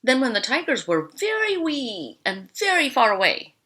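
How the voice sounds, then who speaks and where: Woman teacher for a kindergarten read-aloud, lively pitch, bright tone. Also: normal speed, husky. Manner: animated, lively storytelling.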